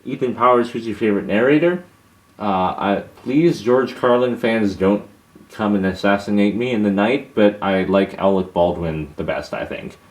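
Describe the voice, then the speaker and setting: Young man, lowish voice, casual Q&A, hesitant, restarts sentences. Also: moderate pace. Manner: hesitant, many restarts and fillers. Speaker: channel host answering viewer questions. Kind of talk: casual Q&A monologue.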